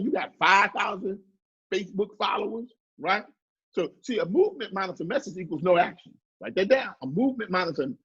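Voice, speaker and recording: A man's voice: high-pitched, fairly bright tone, slightly rough, highs cut off. A man giving a motivational business lesson on a livestream, emphatic and preachy, repeating his key phrases. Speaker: business coach.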